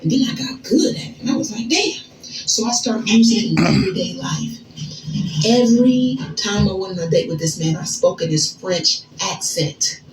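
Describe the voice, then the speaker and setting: An American woman telling a casual story in an animated, slangy, chatty way. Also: mid-range voice, normal speed, reverberant, over music, low-quality recording. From United States. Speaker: storyteller in a social media clip.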